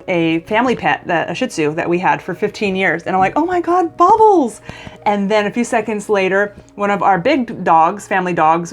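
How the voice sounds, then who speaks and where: A woman vlogger telling a personal story in a casual, emotional way, often stumbling and restarting mid-sentence. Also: on the low side.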